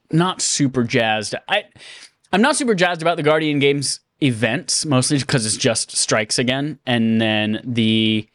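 A man's voice: mid-range voice, a bit bright, dry recording. A man co-hosting a podcast, chatting casually and laughing often. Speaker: podcast co-host. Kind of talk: casual chat.

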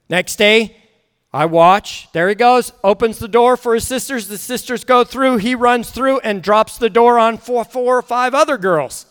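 A man's voice: very high voice, unhurried, fairly bright tone, clean tone. A man preaching a sermon as a guest speaker, telling family stories with acted-out dialogue and frequent restarts. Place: church hall. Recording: echoey hall.

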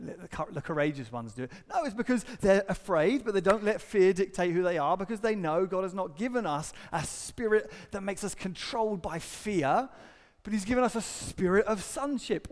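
A middle-aged man, a pastor, preaching an earnest sermon and acting out quotes and stories with lively shifts. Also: on the high side, long reverb tail. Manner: earnest, animated storytelling with acted-out quotes.

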